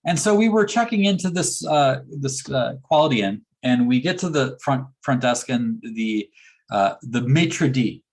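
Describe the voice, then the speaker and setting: In an unhurried, medium-pitched voice, a man delivers a motivational keynote built around a story. He's an animated storyteller who performs each line of dialogue.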